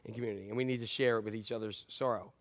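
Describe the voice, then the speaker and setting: A middle-aged man preaches very fast in a lowish, steady-toned voice. As a pastor giving a sermon, he narrates stories conversationally, moving back and forth between loud emphasis and quiet asides.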